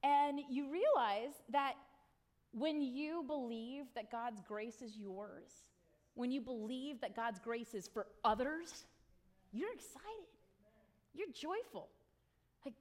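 Lady pastor preaching, kinda high voice, acts out the bits in her stories. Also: measured pace. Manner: animated storytelling, acts out people's lines. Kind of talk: sermon.

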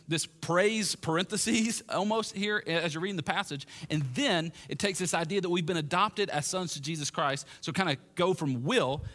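A man's voice: fairly high pitch, fairly bright tone. A pastor delivering a conversational sermon in a church that meets in a gym, often restarting and repeating his phrases. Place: gym used as a church hall.

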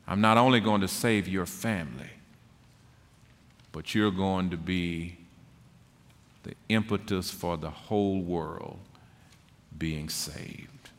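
Slow, emphatic preacher in reverb. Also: male voice, sits low. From Texas. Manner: slow, emphatic preaching, rising to forceful peaks. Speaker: pastor. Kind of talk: sermon.

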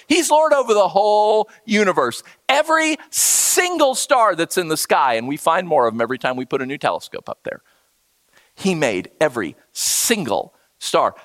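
Preaching a sermon, this pastor tells spirited stories and imitates the voices of their characters. His voice sits high, he talks a little slowly, and there's no echo.

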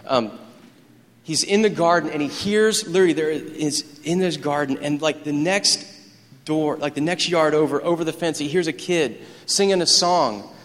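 Excitable preacher in an echoey hall. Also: male voice, a little high, moderate pace. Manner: animated, storytelling preacher who gets excited. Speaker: pastor. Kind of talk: sermon. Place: church sanctuary.

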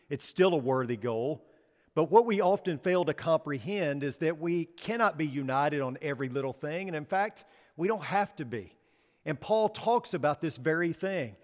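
Preacher with a high voice in a reverberant hall. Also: male voice. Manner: rhetorical questions, drops low and soft on key words. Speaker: pastor. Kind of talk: sermon. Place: church sanctuary. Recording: long reverb of a church hall.

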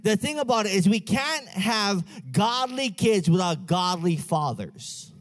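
A man's voice: high voice, big pitch swings, measured pace. A man starting a sermon, greeting the crowd casually and reading scripture aloud. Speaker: preacher.

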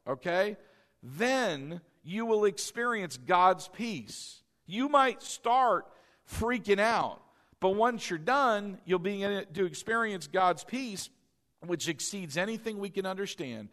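A man pastor preaching a sermon, animated and leading the congregation to repeat lines after him. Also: high voice.

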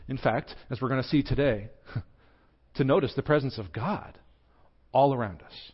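A man's voice: normal speed, pauses often, slightly rough. Man, Southern American accent, pastor, sermon, earnest storytelling, mid-range voice, slightly dull recording. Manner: earnest storytelling with swells in pitch and volume.

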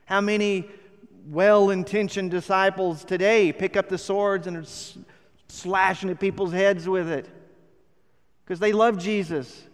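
A man's voice: high-pitched, steady tone, a little slow, smooth. A man preaching a sermon, telling the story earnestly and rising to emphatic points. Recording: long hall reverb.

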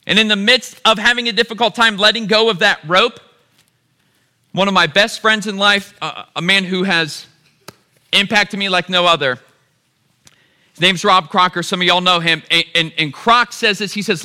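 A man's voice: sits high, steady tone, normal speed, sharp tone. A man preaching a sermon, calling the crowd "y'all" and building to emphatic repeated phrases.

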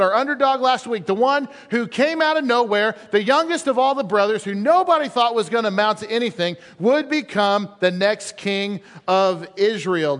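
Animated high-voiced pastor in an echoey hall. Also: male voice. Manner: animated storytelling, shifts between quick and slow emphasis. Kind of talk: sermon.

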